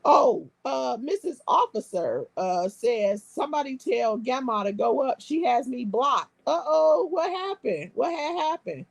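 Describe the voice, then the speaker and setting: This is a woman chatting on a live stream, trading brash, profane banter with her viewers. Her voice has a gravelly, husky grain. The sound is dry and close, with no room echo. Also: high-pitched, very animated, a little slow, hardly any pauses. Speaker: live stream host reading comments. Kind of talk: casual live-stream chat.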